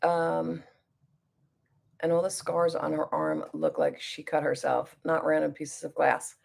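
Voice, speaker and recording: A woman's voice: sits low, steady tone, measured pace, creaky. Chatty woman vlogging through makeup. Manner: chatty, reads viewer comments aloud while doing makeup. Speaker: beauty vlogger. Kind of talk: casual get-ready-with-me chat.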